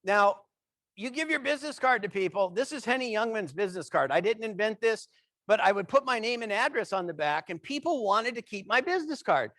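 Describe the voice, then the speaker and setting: A man giving a humorous keynote talk, telling anecdotes with an animated, playful delivery. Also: high voice, brisk, no echo. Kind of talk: comic keynote storytelling.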